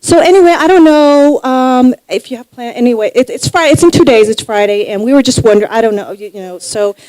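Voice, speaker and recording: A woman's voice: a little high, fairly quick, a little mellow, dry recording, pitched above the performer's own voice, close to an everyday voice, poor audio. A woman voicing a nervous, over-apologetic young woman friend who rambles in run-on hedges. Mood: rambling nervous. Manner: nervous run-on chatter, endless hedging.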